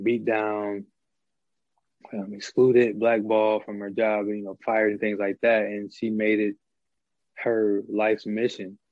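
A man's voice: fairly low pitch, no room sound, lo-fi sound. A middle-aged man talking through ideas in a casual conversation, with many fillers and restarts. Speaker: podcast guest.

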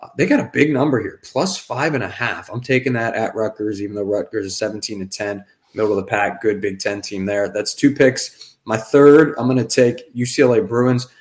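A man's voice: fairly low pitch, a little fast. A man co-hosting a casual sports podcast and rattling off confident betting picks. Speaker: podcast co-host.

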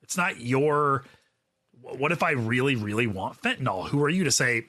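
A man's voice: medium pitch, lively intonation, normal speed, pushed and bright, no echo. A man co-hosting a podcast, arguing his point in casual banter and laughing often. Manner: laughing, argumentative. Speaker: podcast co-host.

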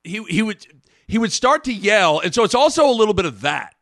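A male podcast co-host chatting casually and animatedly, breaking into yelled bits. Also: sits high, a little fast, no echo, clean studio sound. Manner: animated, bursts into yelled impressions. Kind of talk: casual chat.

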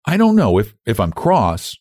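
A man's voice: medium pitch, wildly swooping pitch, moderate pace, darkish tone, no room sound, studio quality, voice pushed up. Man putting on a proud, cool young woman. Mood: cold. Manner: cool, clipped, faintly contemptuous.

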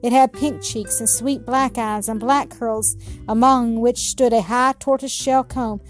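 A woman narrating a children's story in a gentle, measured reading. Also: on the high side, fairly even intonation, soft background music.

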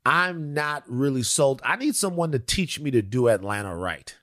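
A man's voice: medium pitch, animated, moderate pace, a bit bright, no echo, clean studio sound. A man co-hosting a podcast in casual chat, rambling and joking, repeating phrases for laughs. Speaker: podcast co-host.

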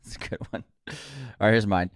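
A man's voice: on the low side, steady tone, fairly quick, no echo. Male podcast co-host, casual movie chat, joking, dry close mic. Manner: joking, reads sponsor spots.

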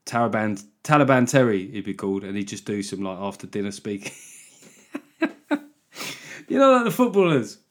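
A man's voice: lowish voice, sing-song, normal speed, long pauses. A man hosting a solo podcast, rambling through jokey, sarcastic tangents and laughing at his own asides. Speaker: podcast host. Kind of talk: casual solo podcast monologue.

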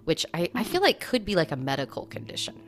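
Low-voiced woman casually telling ghost stories. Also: huge pitch swings, fast talker. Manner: conversational storytelling, many "like" fillers. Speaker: podcast co-host. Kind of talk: casual chat about hauntings.

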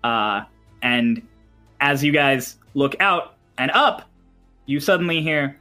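A man's voice: mid-range voice, expressive, slow pace, pushed and bright, soft background music. A man narrating a tabletop game as game master, in a loose, chatty way with many fillers.

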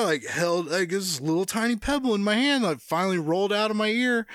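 A man's voice: sits high, a little fast, few pauses, fairly bright tone, dry recording, studio quality. A young man hosting his own podcast, telling rambling, profane, jokey stories in casual chat. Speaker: podcast host.

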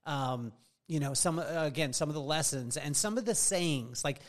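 A man's voice: fairly high pitch, animated, moderate pace. A middle-aged man hosting a podcast in casual chat, telling jokey stories and laughing often. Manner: joking storyteller, laughs often. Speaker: podcast host.

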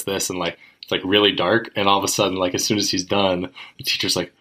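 A man's voice: deep voice, steady tone, fairly quick, bright, forceful tone. A young man co-hosting a podcast, rambling casually with lots of fillers and crude language. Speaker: podcast co-host. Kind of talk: casual chat.

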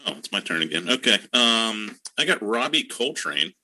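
A man's voice: fairly low pitch, very animated, moderate pace, sharp tone, breathy edge. A man on a podcast panel in casual chat, laid-back and chuckling. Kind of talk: casual fan-casting chat.

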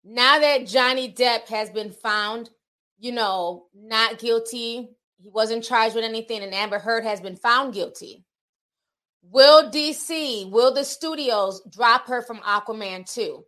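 Blunt, slangy woman with a high voice. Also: takes it slowly, pushed and bright. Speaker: commentary channel host. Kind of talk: opinionated video commentary.

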